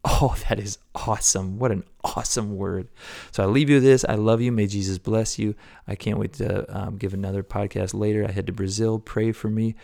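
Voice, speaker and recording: A man preaching a devotional podcast sermon, earnest, swinging between loud exhortation and hushed whispers. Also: on the low side, flat delivery, normal speed, vocal fry, few pauses.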